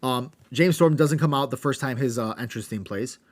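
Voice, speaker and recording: A man's voice: medium pitch, normal speed. A man co-hosting a podcast, casually recapping an old wrestling show with wry asides and some swearing. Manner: wry, rundown narration with swearing. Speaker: podcast co-host.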